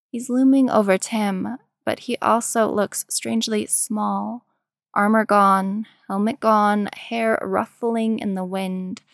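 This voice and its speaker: A woman reading a story aloud in a slow, measured storytelling manner. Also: medium pitch, gravelly, no echo, studio quality. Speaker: narrator. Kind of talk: fan fiction reading.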